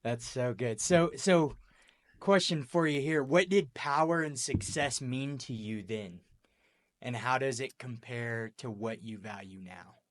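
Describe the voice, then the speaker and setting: A man hosting a podcast interview, mostly giving soft affirmations and then asking questions. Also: mid-range voice, a little slow. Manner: soft back-channel affirmations. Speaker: host.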